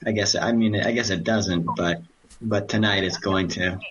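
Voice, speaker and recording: Man, podcast host, low voice, joking, rambling, faint hiss behind. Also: steady tone, moderate pace, fairly bright tone, highs cut off. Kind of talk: casual podcast chat.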